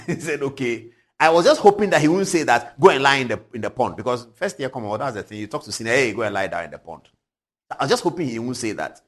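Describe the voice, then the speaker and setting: In a TV studio, a host in his forties with a Ghanaian English accent delivers lively commentary and stories with animated energy. His medium-pitched voice moves at a quick pace, he chuckles frequently, and he swings from loud to hushed.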